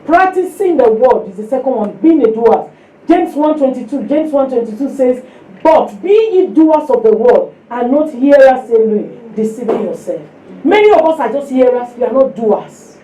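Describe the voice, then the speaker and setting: A Nigerian woman preaches a lively sermon in a high but mellow voice. She tells stories with sound effects and calls out to her listeners. The mic is far from her, so the room echoes and there is a faint hiss underneath. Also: moderate pace. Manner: animated storytelling with sound effects and Yoruba phrases; exhorts listeners directly. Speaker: preacher at a women's fellowship.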